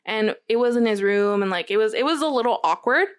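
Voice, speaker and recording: A woman's voice: on the high side, expressive, brisk, clear, resonant tone. A young woman co-hosting a casual chat, telling a long story in a rambling way with many fillers and quoted lines. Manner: rambling, filler-heavy, quotes others a lot. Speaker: podcast co-host.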